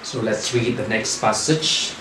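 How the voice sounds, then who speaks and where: A man teaching a recorded lesson, asking questions and answering them himself in a deliberate way. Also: lowish voice, fairly bright tone, slight background noise. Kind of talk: recorded online English lesson. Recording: echoey room.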